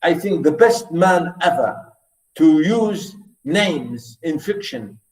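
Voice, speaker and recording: A man's voice: on the high side, animated, takes it slowly. A man giving a recorded university lecture on literature, rambling and repeating himself with many fillers. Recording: echoey room.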